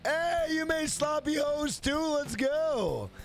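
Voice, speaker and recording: A man in his thirties livestreaming in casual chat, brash and profane, shouting out greetings to viewers. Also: extremely high pitch, animated, slow pace, soft background music. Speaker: gaming livestreamer.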